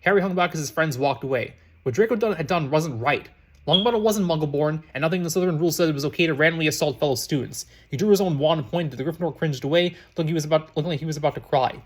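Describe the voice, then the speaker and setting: Male story reader; fast, slightly high, frequent restarts. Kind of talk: reading fan fiction aloud.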